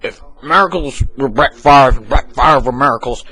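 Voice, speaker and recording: A man's voice: normal speed, pushed and bright, slightly rough, dry recording, low-quality recording. A man voicing a rambling older football commentator in a homemade comedy sketch, repeating himself in circles. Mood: gushing. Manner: repetitive, circular, exclamations of "boom". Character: rambling older male football commentator, fixated on one quarterback.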